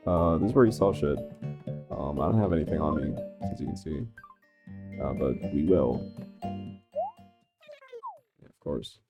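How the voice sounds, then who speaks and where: Very deep-voiced chatty woman gaming. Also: lively intonation, normal speed. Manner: rambling, chatty, laughs at herself. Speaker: gaming vlogger. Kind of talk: casual gameplay commentary. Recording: game music behind.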